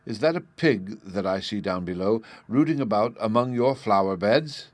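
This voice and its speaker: A man's voice: fairly low pitch, expressive, normal speed, no echo. Man doing a blustering, growling official. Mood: sly. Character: blustering middle-aged official father, angry and sly.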